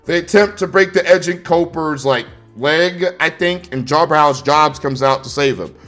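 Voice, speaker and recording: A man's voice: fairly high pitch, moderate pace, hardly any pauses, fairly bright tone, faint music behind. A man ranting through a wrestling show review, angry and sarcastic, swearing constantly.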